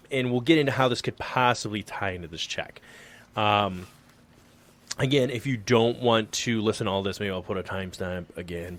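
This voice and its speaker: A man co-hosting a casual podcast, reading an article aloud over a remote call, joking and tripping over words. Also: lowish voice. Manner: joking, self-deprecating, stumbles over words. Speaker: podcast co-host.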